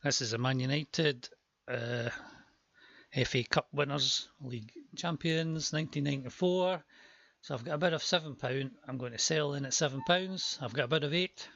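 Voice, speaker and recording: A man's voice: medium pitch, moderate pace, gravelly, a bit bright, dull audio. A man calling a live auction stream, chatty with joking asides, his voice worn from a long day before.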